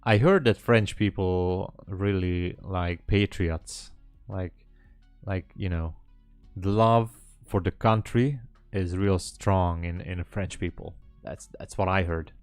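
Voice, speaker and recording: A man's voice: low-pitched, fairly even intonation, slow pace, no room sound, faint music behind. A man hosting a live trading stream, chatting casually and hesitantly with viewers in a rambling way. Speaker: livestream trading host.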